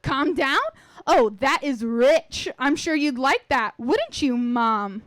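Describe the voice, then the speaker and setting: A woman's voice: high-pitched, expressive, slow pace, no echo. A woman voicing her furious young adult sister, who screams, curses and sneers. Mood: sarcastic. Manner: screaming, cursing, sarcastic.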